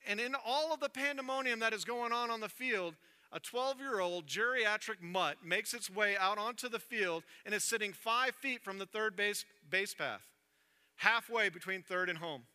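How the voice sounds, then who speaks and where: Bright-voiced pastor in a reverberant church. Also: male voice, normal speed, clear, resonant tone. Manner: animated storytelling, dropping soft and low for emphasis. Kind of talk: sermon with storytelling. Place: church sanctuary. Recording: long reverb of a church hall.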